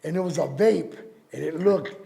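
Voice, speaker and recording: A man's voice: fairly high pitch, moderate pace, creaky, dark tone. A middle-aged man, a rapper telling profane stories in an interview and acting out other people's voices. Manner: profane, acts out quoted voices. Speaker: rapper and DJ guest. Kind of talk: animated storytelling interview.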